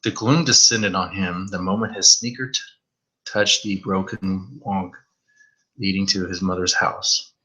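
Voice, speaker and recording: A man's voice: deep voice, fairly even intonation, unhurried, pushed and bright, rough recording. A man reading a horror story aloud on a live stream, stumbling over words now and then and swearing in asides.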